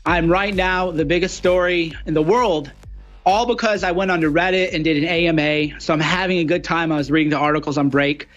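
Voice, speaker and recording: High-voiced man mocking his critics. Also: fairly even intonation, brisk, fairly bright tone, lo-fi sound, soft background music. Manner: mocking, slips into sneering impressions of opponents. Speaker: radio show guest host. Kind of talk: political talk show monologue.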